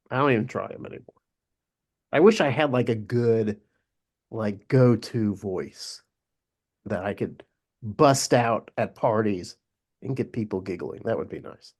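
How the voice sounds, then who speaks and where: This man co-hosts a relaxed sports podcast. His mid-pitched voice bounces around with lively, animated intonation. He talks loosely, laughs easily and often restarts his sentences mid-thought. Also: unhurried, pauses often. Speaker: podcast co-host. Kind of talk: casual sports podcast chat.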